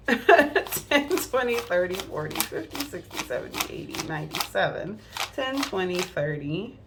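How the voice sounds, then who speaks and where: A woman's voice: on the low side, big pitch swings, normal speed, noisy background. A woman vlogging about her budget at home, chatting casually and counting bills aloud under her breath. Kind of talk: casual chat while counting cash. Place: at home indoors.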